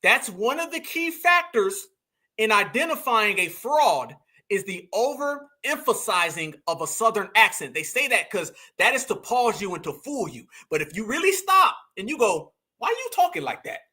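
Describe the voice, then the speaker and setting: Bright-voiced man ranting commentary. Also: sits high, normal speed. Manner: animated, preachy, calls audience "fam", mocks voices. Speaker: commentary host. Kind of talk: reaction commentary on clips.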